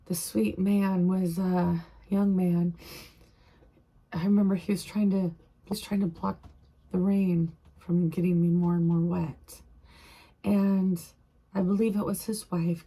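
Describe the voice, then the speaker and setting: A middle-aged woman tells a personal story to her vlog audience in a low, gravelly voice with a husky edge. She speaks haltingly, circling back over her own phrases as the emotion shows through. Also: dark tone. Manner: halting, repeats phrases, tearful at times. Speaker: vlogger.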